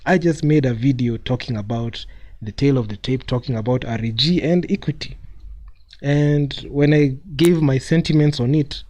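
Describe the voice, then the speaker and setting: A man's voice: mid-range voice, normal speed, a little mellow. A man streaming live commentary on a basketball game, mocking the losing team, laughing often and repeating himself.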